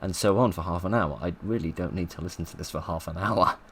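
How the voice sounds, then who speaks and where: A man's voice: low-pitched, quick pace, fairly bright tone, slight background noise. A man reading an old book aloud and breaking off for wry, sarcastic asides, often laughing. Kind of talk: comic read-aloud with commentary.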